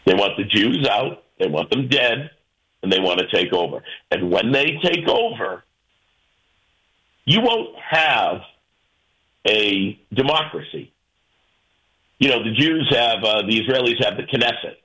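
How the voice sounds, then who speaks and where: A man's voice: fairly low pitch, lively intonation, normal speed, pushed and bright, low-quality recording. A man hosting a call-in radio show, arguing his point emphatically and firing rhetorical questions at listeners over a studio microphone. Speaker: talk radio host. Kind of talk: call-in radio opinion talk.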